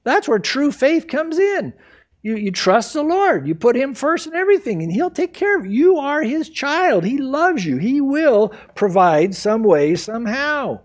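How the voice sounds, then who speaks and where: A man preaching an expository sermon as pastor, emphatic and animated, acting out the people he quotes. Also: extremely high pitch, unhurried. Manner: acts out quoted people in varied voices.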